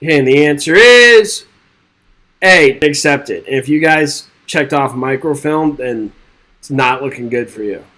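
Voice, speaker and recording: A real estate exam instructor with a somewhat high voice runs a live exam-prep webinar from his desk microphone, reading multiple-choice questions aloud. He jokes and checks in with viewers in an upbeat, chatty way, his intonation lively and his pace measured. His tone is bright and forceful, though the audio is poor.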